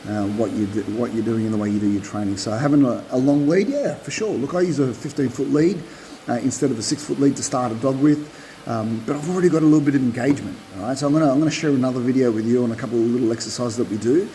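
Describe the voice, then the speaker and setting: Male dog trainer, middle-aged, mellow-toned, animated and repetitive, recorded on a propped-up phone. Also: medium pitch, fast talker, slight background noise, poor audio. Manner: animated, repeats himself, acts out dog voices. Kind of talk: casual instructional talk.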